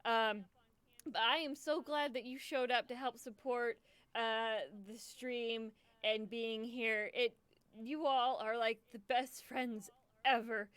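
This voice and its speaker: A woman's voice: on the high side, steady tone, takes it slowly, a bit bright, clean tone, no room sound. A young woman hosting a charity livestream, emotional and choked up, stammering and repeating herself as she talks casually to her viewers. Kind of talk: casual live stream chat.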